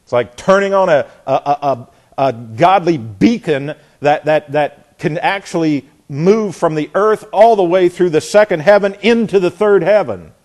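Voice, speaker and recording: A man teaching from the Bible in a sermon, often repeating words as he searches and slowing down hard to stress key phrases. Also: on the high side, expressive, darkish tone. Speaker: preacher.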